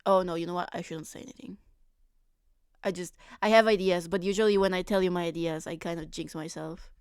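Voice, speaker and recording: A woman's voice: lowish voice, a little mellow, dry recording, studio quality. A young woman streamer chatting casually with her viewers, giggling often between phrases. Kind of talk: casual live-stream chat.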